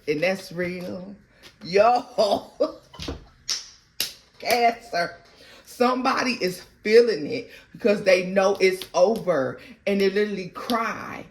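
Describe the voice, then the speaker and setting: A woman giving a casual tarot reading to her viewers, animated and slangy. She breaks into bits of song and laughs often. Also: mid-range voice, slow pace, a little hiss or hum. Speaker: tarot reader.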